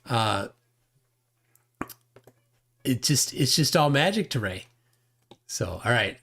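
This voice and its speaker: A man's voice: mid-range voice, sing-song, slow pace, a bit bright, a little hiss or hum. A man hosting a live stream, talking in a mocking, sarcastic way. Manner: mocking, sarcastic, acts out mock dialogues. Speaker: host.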